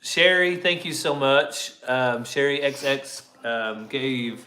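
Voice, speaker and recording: A man's voice: medium pitch, expressive, slow pace, pushed and bright, slight background noise. A man co-hosting a casual farm livestream, easygoing and greeting viewers by name. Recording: echoey room.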